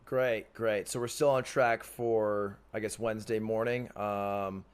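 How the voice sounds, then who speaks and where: A man's voice: lowish voice, unhurried, smooth. Playful young man streaming commentary. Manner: playful, excitable, self-mocking. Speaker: livestream host. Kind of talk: joking live commentary.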